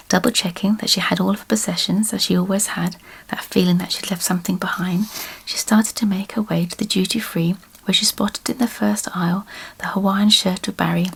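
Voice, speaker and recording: A woman reading a story aloud as an ASMR storyteller in a slow, soft whispered role-play. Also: mid-range voice, gravelly, breathy edge.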